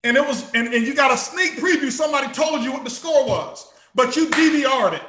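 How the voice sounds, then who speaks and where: A man founding a company gives an emphatic motivational speech to a live audience, repeating himself for effect and bursting into shouts. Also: extremely high pitch, animated, brisk, echoey room. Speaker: company founder speaking to his team.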